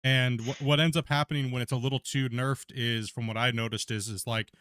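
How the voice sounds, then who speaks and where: A man's voice: medium pitch, little pitch movement, a little fast, a bit bright, clean tone. A man hosting a podcast stream in casual chat, talking to his live viewers and laughing easily as he goes. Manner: chatty, laughing, addresses viewers directly.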